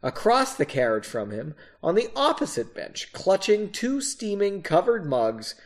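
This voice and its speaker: A man's voice: high-pitched, wildly swooping pitch, a little slow. A man reading a story aloud and breaking off for casual, self-mocking asides. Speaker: reader of his own novel.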